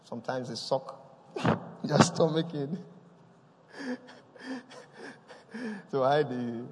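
A man preaching a lively sermon, often laughing and calling out praise. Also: medium pitch, drawn-out words. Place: church. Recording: long hall reverb.

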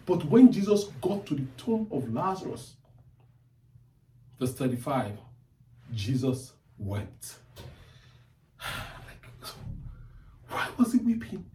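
Guy preaching a sermon, high voice, repeats himself for emphasis, kinda distant, echoey room. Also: warm tone. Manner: emphatic preaching with repeated phrases and long pauses. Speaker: pastor.

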